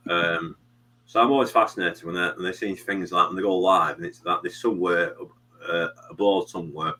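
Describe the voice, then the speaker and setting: A man's voice: deep voice, steady tone, fairly quick, pushed and bright, low-quality recording. A British man hosting a live stream, chatting casually in a rambling way with many fillers. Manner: rambling, many fillers and "you know what I mean". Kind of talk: casual chat.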